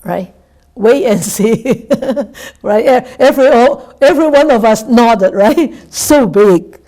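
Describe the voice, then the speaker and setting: Woman, Buddhist nun teaching, slightly high voice, unhurried, halting, checks in with "right?". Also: dark tone. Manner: halting, repeats words, keeps asking "right?". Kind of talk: dharma talk lesson.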